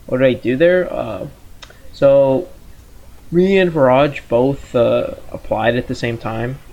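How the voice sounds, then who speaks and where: A man's voice: medium pitch, takes it slowly, dull audio, slight background noise. A man as a podcast guest, rambling and hedging as he talks about a past job. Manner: relaxed, rambling, hedging with fillers. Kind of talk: casual chat.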